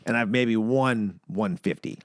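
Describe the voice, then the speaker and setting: A man co-hosting a casual podcast, telling stories in an animated way and acting out quoted voices with sudden high jumps in pitch. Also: a little slow. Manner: animated storyteller, acts out quoted voices with big pitch jumps, swears freely. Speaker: podcast co-host. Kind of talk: casual storytelling chat.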